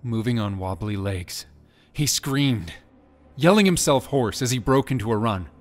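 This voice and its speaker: A man's voice: mid-range voice, expressive, unhurried. A man giving a dramatic scripted narration of an audiobook. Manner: dramatic storytelling.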